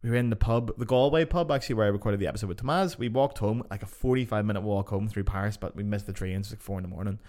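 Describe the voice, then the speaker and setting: A man's voice: lowish voice, racing, few pauses. A young man, hosting a podcast and telling casual stories, swearing freely as he goes. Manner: swears freely, animated anecdotes. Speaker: podcast host. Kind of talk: casual storytelling.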